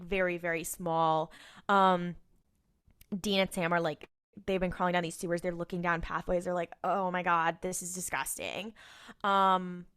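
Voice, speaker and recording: A woman co-hosting a podcast, casually recapping a TV episode with lively voiced asides for the characters. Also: fairly low pitch, clean tone. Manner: animated storytelling with quick voiced impressions of characters. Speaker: podcast co-host.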